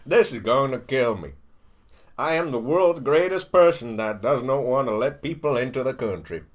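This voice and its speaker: A man doing a low, loud, whiny impression of a blustering, complaining older male president. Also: animated, moderate pace, lightly acted.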